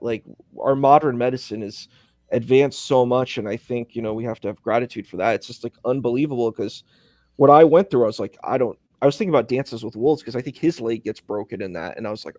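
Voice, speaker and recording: A man's voice: medium pitch, darkish tone, no room sound. Rambling man with a dry sound. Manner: rambling storytelling full of fillers. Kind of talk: casual conversation. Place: hospital.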